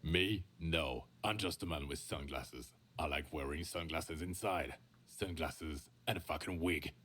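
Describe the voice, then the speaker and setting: Brief: a gruff, evasive video game stranger in sunglasses, raspy and very deep, tense and clipped. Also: male voice, a little slow, fairly bright tone, heavily acted. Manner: curt, dismissive, swearing.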